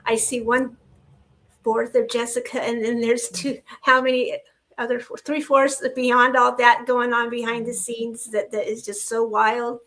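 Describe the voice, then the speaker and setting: Bubbly high-voiced woman in her sixties. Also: unhurried. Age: 60s. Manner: animated, laughing, expressive. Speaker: co-host. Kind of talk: casual chat.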